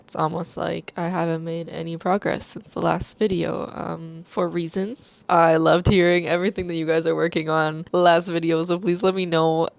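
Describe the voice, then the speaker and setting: A woman's voice: fairly low pitch, creaky, dry recording. A young woman vlogging casually into a handheld mic at home, rambling and laughing often, with a sore throat. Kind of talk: casual chatty vlog. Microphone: handheld microphone held close.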